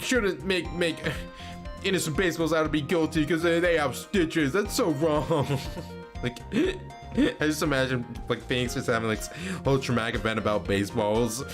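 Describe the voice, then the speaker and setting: A man's voice: fairly high pitch, moderate pace, music in the background. A young man giving casual let's play commentary, laughing and rambling with frequent stumbles as he reads the game's dialogue aloud.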